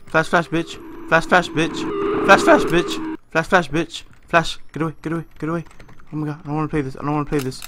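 A young man commentating a horror game, jumpy and swearing constantly, yelling and laughing when startled. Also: a little high, steady tone, fairly quick, background noise. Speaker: gamer.

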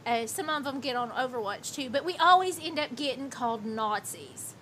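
A woman's voice: high-pitched, expressive, normal speed, a bit bright, slight background noise. A woman in her thirties livestreaming, telling a rambling, profane story with lots of "like" in casual chat.

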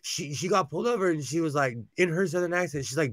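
A man from California, hosting a live sewing show and chatting in an animated, gossipy way, telling stories and laughing often. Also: on the high side, quick pace, no room sound, studio quality. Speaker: host. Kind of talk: casual chat.

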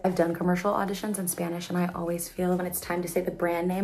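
A woman's voice: on the low side, flat delivery, fast talker, hardly any pauses, darkish tone, faint music behind. A young woman chatting casually to the camera, rehearsing audition lines and criticizing her own takes. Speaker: voice actor vlogger. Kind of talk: casual vlog talking to camera.

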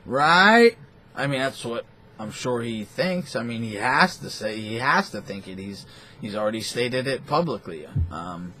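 A man's voice: mid-range voice, slightly rough. A man hosting a boxing talk show, ranting in a profane, rambling and scornful way. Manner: foul-mouthed, animated, scornful.

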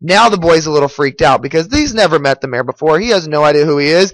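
Animated male teacher telling a story. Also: a little high, quick pace, hardly any pauses, no echo, rough recording. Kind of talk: storytelling to students.

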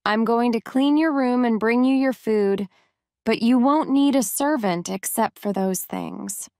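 A woman reading a storybook voices a kind, talkative young servant girl who speaks warmly and sometimes scolds gently. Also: fairly high pitch, a little slow, clear, resonant tone, no room sound, clean studio sound. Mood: chatty.

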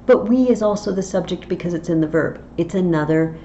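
A woman's voice: on the low side, a little fast, dark tone, a little hiss or hum. A woman teaching a Latin lesson online, explaining patiently step by step. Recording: slightly dull lo-fi audio with faint ambience.

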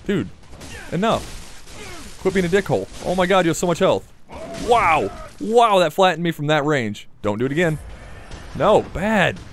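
A man's voice: fairly high pitch, sing-song, unhurried, long pauses, faint music behind. A man commentating his own gameplay in a playful, casual way, chatting to the enemies and swearing now and then. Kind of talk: let's play commentary.

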